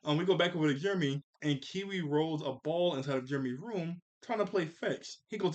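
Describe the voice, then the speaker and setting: A man's voice: on the high side, fairly quick, few pauses. A man casually recapping a cartoon episode scene by scene, laughing often as he goes. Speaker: cartoon reviewer.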